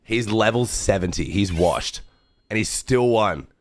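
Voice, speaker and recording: A young Australian man streaming, hoarse and rough-voiced, chatting casually with his viewers and swearing easily as he watches a match. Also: on the low side, animated, unhurried. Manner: laid-back, swears casually, talks to chat. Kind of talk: casual livestream watch-along commentary.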